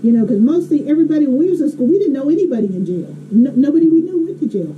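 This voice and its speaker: A woman's voice: high-pitched, big pitch swings, racing. A woman telling a story in a blunt, emphatic way, laughing often. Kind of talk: casual storytelling. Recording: slightly dull, faint hiss.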